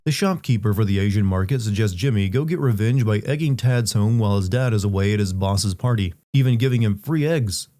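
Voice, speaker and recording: Snarky guy roasting a video game, talks fast, low dark voice. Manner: snarky, mocking. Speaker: game commentary host. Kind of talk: sarcastic scripted commentary.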